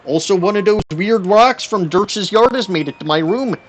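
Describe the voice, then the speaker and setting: A man's voice: high voice, animated, moderate pace, slight background noise. A man voicing a folksy, stubborn Canadian braggart with a put-on Canadian accent, ending every sentence with "there, eh?". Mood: hammy folksy. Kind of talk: comic game-stream voice.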